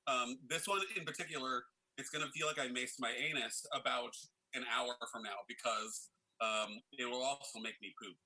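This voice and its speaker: A young man with a sharp, very bright voice chats wryly with friends, his mouth burning from hot sauce. He explains things at length and laughs often. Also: mid-range voice, steady tone, normal speed. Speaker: podcast co-host. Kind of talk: casual chat with friends.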